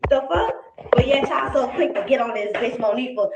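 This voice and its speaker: A woman's voice: sits high, normal speed, gravelly. Furious, profane woman in an echoey live-stream clip. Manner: heated, profane, defensive, repeating herself. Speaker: livestreamer defending herself. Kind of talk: angry live-stream rant. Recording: echoey, noisy, played back with clicks.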